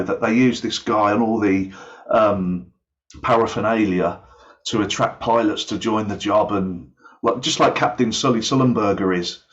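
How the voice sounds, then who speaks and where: A man's voice: lowish voice, muffled recording. A man on an online panel who talks about aviation radio research in loose, rambling sentences.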